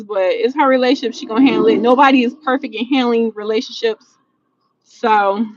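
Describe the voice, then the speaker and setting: A woman with a high voice talks casually to her livestream chat from inside a vehicle. She speaks bluntly and with energy, using plenty of slang and swearing freely. The sound is dull and lo-fi, like phone-streamed audio. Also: no room sound. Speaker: livestream host answering chat. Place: in a vehicle, driving.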